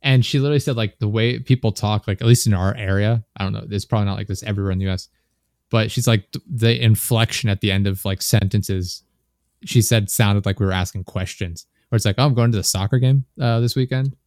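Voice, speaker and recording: A man's voice: on the low side, fairly even intonation, fast, darkish tone, no echo, clean studio sound. A young man, hosting a podcast in casual chat and rambling through stories with lots of fillers. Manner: rambling, filler-heavy storytelling. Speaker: podcast host.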